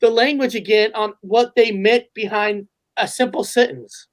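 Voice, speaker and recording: A woman's voice: fairly high pitch, fairly even intonation, moderate pace. A woman co-hosting a casual chat, reading out viewer comments and telling stories in a conversational way. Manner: conversational storytelling.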